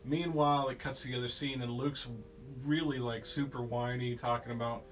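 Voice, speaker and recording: A man's voice: medium pitch, steady tone, brisk, low-quality recording. A man casually retelling a film story to a child at home, playful and rambling, slipping into goofy voices.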